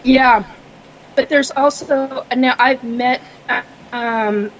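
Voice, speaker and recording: A woman speaking as a guest on a podcast panel, hesitant, with many fillers and frequent throat clearing. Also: high-pitched, fairly even intonation, takes it slowly, dull audio, a little hiss or hum. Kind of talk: casual podcast panel chat.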